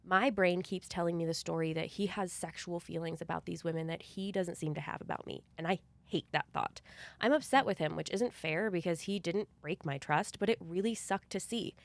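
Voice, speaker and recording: A woman's voice: on the low side, a little fast, creaky. A young woman co-hosting a casual podcast, blunt and playful, laughing often and reading a listener's letter aloud. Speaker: podcast co-host.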